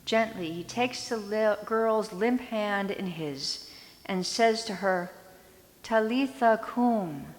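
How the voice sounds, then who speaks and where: A woman pastor delivering a sermon, retelling a story in a slow, deliberate storytelling manner. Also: mid-range voice, in a large hall. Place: church sanctuary.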